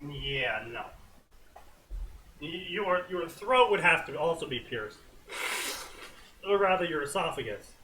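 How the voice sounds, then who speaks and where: A man co-hosting a comedy show, giving a deadpan, dismissive reading of fanfiction with commentary. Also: on the high side, takes it slowly, pauses often, a little hiss or hum. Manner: deadpan, dismissive, with many "blah, blah".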